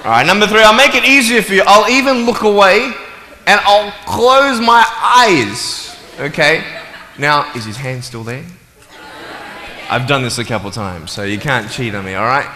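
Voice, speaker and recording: A man's voice: fairly high pitch, animated, normal speed, background noise. A young man giving a live motivational talk to an audience, joking playfully and then turning earnest and searching. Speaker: motivational speaker.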